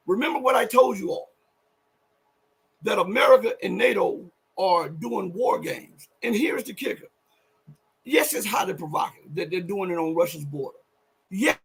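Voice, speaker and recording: A man hosting a live political commentary show, talking emphatically and rambling through self-corrections, often rising to near-shouts. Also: sits high, gravelly, breathy edge. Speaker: show host.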